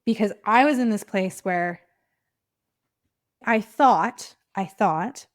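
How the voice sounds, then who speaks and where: A woman's voice: mid-range voice, slow pace, dry recording, clean studio sound. A woman hosting a personal podcast, telling her story in a heartfelt, casual way and often dropping to a near whisper. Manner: casual, frequent "like" fillers. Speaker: podcast host and clinic owner.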